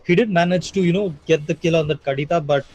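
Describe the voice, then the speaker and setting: A man casting a live mobile game tournament, giving energetic play-by-play full of "you know" fillers. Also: on the high side, quick pace, poor audio. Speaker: esports caster.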